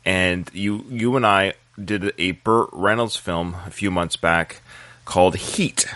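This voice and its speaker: A man's voice: low voice, slow pace, fairly bright tone, dry recording. A man hosting a podcast, chatting casually and enthusiastically, joking with his guest. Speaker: podcast host.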